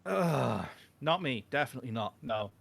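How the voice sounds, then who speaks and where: A man's voice: mid-range voice, expressive, moderate pace, creaky, a bit bright, slightly rough. A man with a British accent chatting casually on a live stream, rambling and self-mocking with crude jokes. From Britain.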